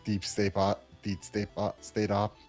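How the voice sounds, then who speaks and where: A man's voice: lowish voice, monotone, a little slow, darkish tone, faint music behind. A man rambling through explanations on a casual podcast, full of "like". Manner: rambling, filler-heavy.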